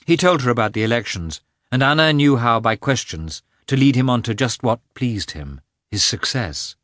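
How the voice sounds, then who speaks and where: A man narrating a classic novel as an audiobook, telling it in an expressive, measured way. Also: mid-range voice, dry recording, studio quality. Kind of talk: scripted narration.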